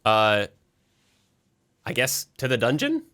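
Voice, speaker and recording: A man playing a tabletop game, eager with quick suggestions. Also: mid-range voice, huge pitch swings, sharp tone. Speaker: player.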